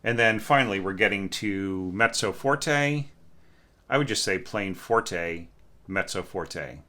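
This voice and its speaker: A man with a deep voice and a crisp, forward edge, teaching orchestration from home. He talks in a loose, conversational way, full of fillers, and hums passages to show how they should sound. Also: expressive, slow pace, pushed and bright. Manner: candid and conversational, sings passages, many fillers. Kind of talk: casual score critique. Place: home room with a snoring cat.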